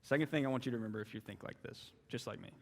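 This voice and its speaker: A young man giving a sermon as a youth ministry intern, emphatic and repetitive, often dropping into quieter asides. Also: mid-range voice, very fast, vocal fry. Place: church sanctuary. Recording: long church hall reverb.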